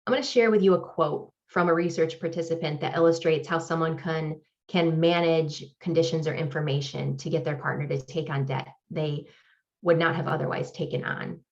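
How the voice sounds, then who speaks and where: A woman professor giving an academic lecture with slides, explaining in a measured, deliberate way. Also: low-pitched, fairly even intonation, highs cut off. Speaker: professor presenting research.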